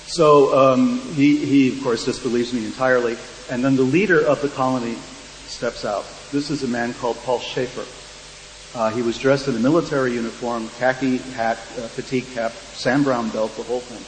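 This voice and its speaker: A man's voice: medium pitch, fairly even intonation, moderate pace. Man, mid-range voice, wry panel storyteller, reverberant hall with a faint hum. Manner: dry, wry storytelling with quoted dialogue. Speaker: panel speaker. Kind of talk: storytelling anecdote to an audience.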